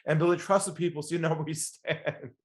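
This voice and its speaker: A man with a fairly high, steady voice speaks a little fast as a guest on an interview podcast. He teaches sales through stories, acting out both sides of phone calls.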